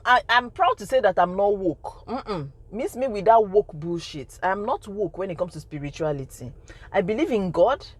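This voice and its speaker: A woman's voice: medium pitch, no room sound. A woman in her thirties with a Nigerian accent, telling a storytime testimony in an emphatic way that repeats phrases for effect. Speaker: vlogger.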